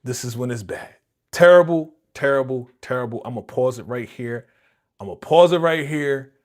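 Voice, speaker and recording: A man hosting a live movie reaction stream, talking in a slangy, animated way and exclaiming his disapproval, often repeating himself and speaking straight to his viewers. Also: medium pitch, normal speed. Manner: slangy, addresses viewers directly. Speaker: reaction channel host.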